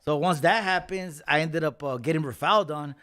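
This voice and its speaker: A man's voice: on the high side, fairly quick. A man, telling a long story in casual, slangy talk with lots of swearing, and acting out the other people in it. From Los Angeles County. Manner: slangy, swearing, animated when acting out quotes. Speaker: podcast guest.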